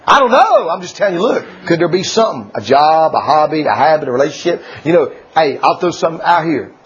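A man preaching a folksy sermon, laughing often and swinging from loud declarations to hushed asides. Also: fairly high pitch, big pitch swings, fast talker, breathy edge. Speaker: pastor. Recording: dull lo-fi church recording.

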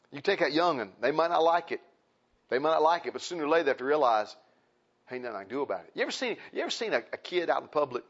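A man preaching a sermon in a folksy, impassioned way. He repeats phrases and swings between loud and soft. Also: on the high side, highs cut off.

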